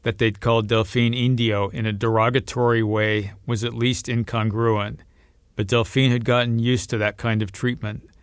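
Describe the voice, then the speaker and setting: A man narrates a novel in a steady, measured reading voice. His tone is smooth and resonant at an ordinary middle pitch. The sound is close and dry, with no room around it. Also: dry recording. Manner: steady storytelling, lifts pitch and volume for quoted voices. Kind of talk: audiobook reading.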